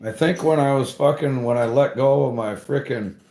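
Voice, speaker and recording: A man's voice: medium pitch, normal speed, mellow. A man chatting casually, telling a rambling story full of swearing and "bro" and "dude" as he talks to a live chat about tree climbing. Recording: echoey room.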